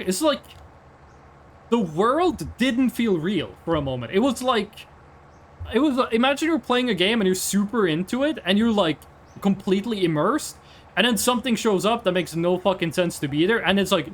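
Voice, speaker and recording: A man's voice: sits high, expressive, normal speed. A Norwegian man with a Norwegian accent, chatting casually as a streamer, rambling and swearing often. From Norway. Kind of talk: casual chat.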